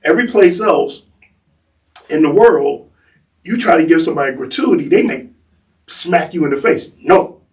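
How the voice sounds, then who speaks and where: A man who works as a tour guide, telling stories in an animated way and acting out the people he quotes. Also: a little high, moderate pace, pauses often, far from the mic, poor audio. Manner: acts out the people he quotes in bursts. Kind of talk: animated storytelling.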